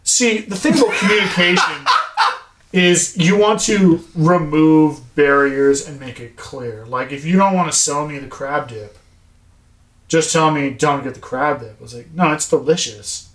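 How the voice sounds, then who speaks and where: A man telling a story in casual podcast chat, animated, acting out dialogue and swearing often. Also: fairly high pitch, unhurried. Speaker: podcast co-host. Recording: echoey room.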